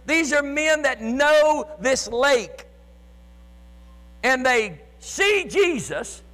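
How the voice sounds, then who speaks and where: Man, pastor, impassioned sermon, frequent shouting, stammered restarts, very high voice, long hall reverb. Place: church sanctuary with live and online congregation.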